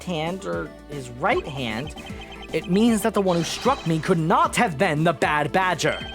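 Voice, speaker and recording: A woman streamer reading game dialogue aloud in an expressive way, with joking asides. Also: fairly low pitch, a little slow. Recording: game music playing behind.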